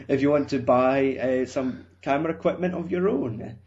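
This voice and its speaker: A man's voice: mid-range voice, normal speed, darkish tone. A young Scottish man co-hosting a podcast in casual chat, rambling and self-mocking, with plenty of swearing. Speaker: podcast co-host. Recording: dull lo-fi sound.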